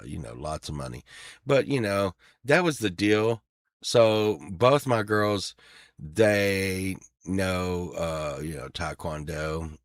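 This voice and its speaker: A man's voice: very deep voice, dry recording, clean studio sound. A middle-aged man telling a rambling, profane personal story, full of fillers and restarts. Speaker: storyteller on a podcast. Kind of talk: casual storytelling.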